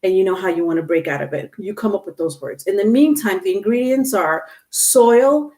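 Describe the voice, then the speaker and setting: A woman's voice: medium pitch, moderate pace, warm tone. A woman giving a casual tarot reading to her viewers, chatty and instructive, with many fillers and restarts. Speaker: tarot reader.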